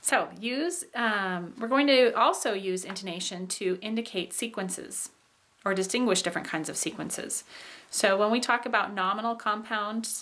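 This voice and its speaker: Woman, instructor, recorded lecture, explanatory, mid pitch. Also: normal speed, a bit bright. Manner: explanatory, with fillers and modeled example sentences.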